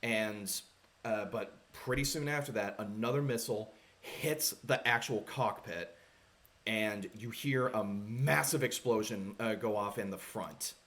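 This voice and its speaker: A man running a tabletop game as game master, narrating in a halting way with many fillers. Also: fairly low pitch, a bit bright. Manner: halting, full of fillers and restarts.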